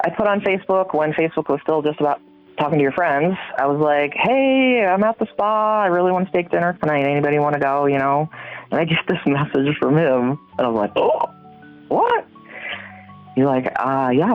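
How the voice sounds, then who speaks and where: Middle-aged woman guest, lively storyteller who swings high on quoted reactions, tinny phone-like sound with faint music. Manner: animated, acts out her own reactions with big pitch jumps. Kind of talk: personal storytelling.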